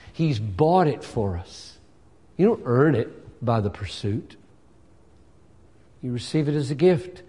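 Man, pastor, sermon, emphatic, fairly high voice, long hall reverb. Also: slightly rough. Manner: emphatic, building to loud fervent peaks.

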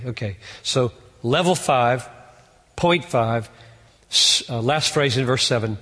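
Slow, earnest male preacher in a hall. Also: a bit bright. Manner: earnest, rising to emphatic peaks then dropping low. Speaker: pastor. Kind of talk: expository sermon.

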